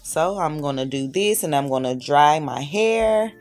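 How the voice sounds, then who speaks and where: A woman's voice: sits low, lively intonation, measured pace, darkish tone. A woman talks through a home hair tutorial. She chats with her viewers and hypes herself up as she braids. Faint music sits under her voice. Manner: chatty and self-encouraging, hyping herself up. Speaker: hair vlogger, mother of six. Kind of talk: casual tutorial vlog.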